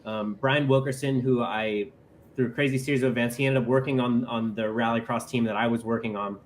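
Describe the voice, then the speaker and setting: A man's voice: mid-range voice, a little fast, a little hiss or hum. A man in his thirties, a guest telling a casual story, acting out the voices he quotes and saying "like" a lot. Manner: animated, acts out quoted voices, many "like" fillers.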